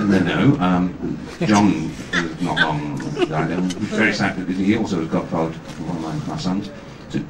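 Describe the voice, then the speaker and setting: A man, a guest actor at a fan convention, telling self-deprecating anecdotes on stage with halting restarts. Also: low voice, steady tone. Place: large hall with audience. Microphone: far camera, amateur video. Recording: echoey hall from far off, noisy amateur video.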